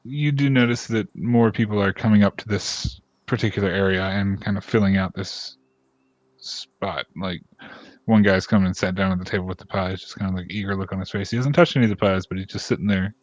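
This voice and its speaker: A man's voice: fairly low pitch, steady tone, fairly quick, no room sound. A man narrating a tabletop game as game master in a loose, filler-heavy way. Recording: dull, dry, lo-fi sound.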